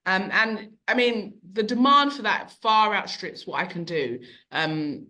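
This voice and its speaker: A middle-aged woman who owns a bookshop, speaking as a podcast guest and telling long, animated stories. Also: mid-range voice, measured pace. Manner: animated, long-winded storyteller who acts out quotes. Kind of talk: conversational storytelling.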